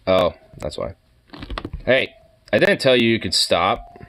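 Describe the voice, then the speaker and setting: A man streaming casually, reacting to cat pictures with excitable gushing and casual swearing. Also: fairly low pitch, slow pace, long pauses, faint music behind. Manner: excitable, gushing over cats, casually profane.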